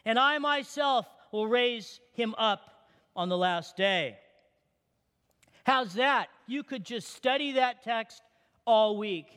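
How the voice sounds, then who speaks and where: A man preaching a sermon, reading scripture aloud with animated energy. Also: extremely high pitch, slow pace, smooth. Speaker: pastor. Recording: long hall reverb.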